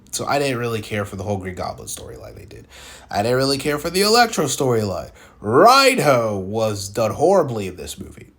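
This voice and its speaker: A man's voice: fairly low pitch, a bit bright. A man casually reviewing films, talking in a rambling, opinionated way and often restarting his sentences. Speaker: film reviewer. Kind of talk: casual spoken film commentary.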